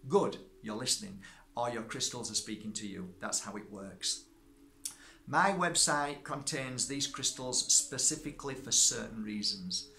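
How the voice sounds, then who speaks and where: A man's voice: medium pitch, expressive, unhurried, creaky, sharp tone, slight background noise. A middle-aged man, a crystal energy healer, talking casually to viewers and telling a personal story, often checking in with "okay?". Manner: chatty, checks in with listeners.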